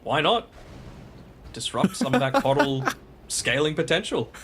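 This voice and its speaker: A man's voice: fairly high pitch, very animated, a little slow, background noise. A man giving easygoing, chatty analysis as a color commentator, often laughing as he talks. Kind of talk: live game analysis.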